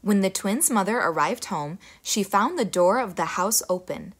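A young woman reads a children's folktale aloud, with her voice rising and falling freely from line to line. Her delivery is expressive and animated, made for young listeners. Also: mid-range voice, moderate pace. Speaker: storyteller. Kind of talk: children's story read aloud.

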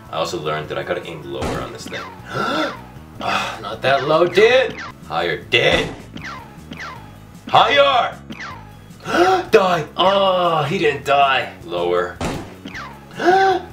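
A man commentating his own gameplay for a comic video, loud and excitable, ranting and yelling at the game, his voice going hoarse. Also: a bass voice, far from the mic. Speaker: gaming video host.

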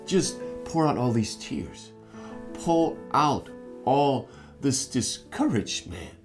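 A man preaching a devotional sermon, earnest and pleading, moving between hushed words and fervent appeals. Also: mid-range voice, sing-song, slow, soft background music.

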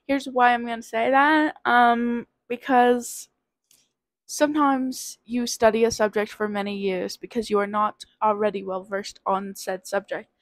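The audio is poor and dry. A slightly high-voiced nineteen-year-old woman, ill with covid, talks through a quiz in a casual vlog, rambling, unsure and self-deprecating.

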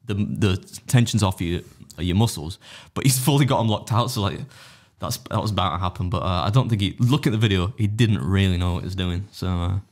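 A man's voice: deep voice, brisk, few pauses, a little mellow. A man, co-hosting a podcast in casual, rambling banter that often breaks off and restarts. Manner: rambling, self-interrupting, laughs at own jokes. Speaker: podcast co-host.

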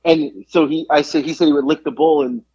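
A man co-hosting a podcast in casual chat, telling a story with lively acted-out quotes and free swearing. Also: a little high, a little fast, slightly rough, dull audio. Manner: animated storyteller, acts out quotes, swears freely. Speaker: podcast co-host.

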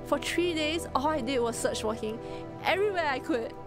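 A small, gentle orphan girl speaks in a high, halting voice, fighting back tears as her words falter, as a woman reading aloud puts her on. Her soft storybook voice sits over clear music in the background. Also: animated. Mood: halting, sad.

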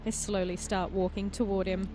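A woman's voice: mid-range voice, faint music behind. Woman reading game text dramatically. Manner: expressive storytelling narration, quick to laugh. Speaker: player and host of a game playthrough.

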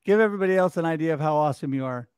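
A man hosting a live business talk show, enthusiastic and high-energy, talking straight to his audience. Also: very fast, a little mellow, clear, resonant tone, no room sound, clean studio sound. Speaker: host.

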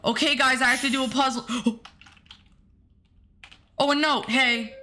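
Woman streamer talking to chat, bright voice, slow and bouncy, easily spooked. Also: high voice, fairly even intonation. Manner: jumpy, talks to the chat and the game, yelps when startled. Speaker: streamer playing a horror game. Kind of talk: casual gameplay commentary to chat.

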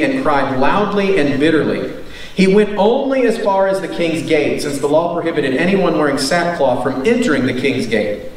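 Pastor, male, conversational sermon with frequent tag questions; a touch higher than usual; distant mic in a booming, echoey hall. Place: church hall.

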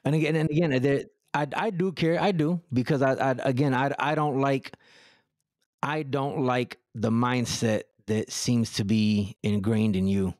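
A man's voice: mid-range voice, steady tone, unhurried, a little mellow, no room sound. Blunt, profane man, dry close mic. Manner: blunt, profane and direct, stuttering restarts. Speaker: podcast guest. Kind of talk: blunt casual chat.

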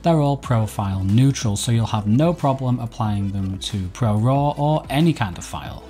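A man's voice: medium pitch, expressive, normal speed, mellow, soft background music. A man hosting a mobile photography channel, explaining an editing app in a casual tutorial to camera, with chatty, self-deprecating asides.

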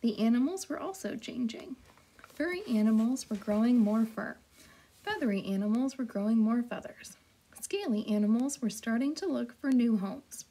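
A woman reads a children's storybook aloud in a gentle, measured way, her voice sitting a bit high. The tone is mellow and dark rather than bright, with a soft husky edge. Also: animated.

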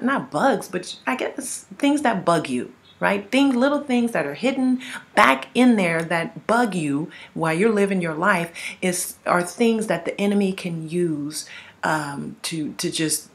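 A woman's voice: lowish voice, animated, normal speed. A woman giving a spiritual testimony and teaching in a rambling, conversational way, often asking "right?" and repeating words as she goes. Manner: conversational, rambling, frequent "you know" and "right?"; frequent word repeats and restarts. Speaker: ministry teacher.

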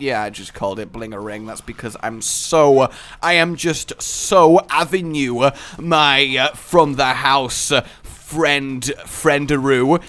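A young man talking through gameplay in an energetic, jokey, rambling way, full of silly asides. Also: a little high, slow. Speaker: gaming YouTuber. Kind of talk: gameplay commentary.

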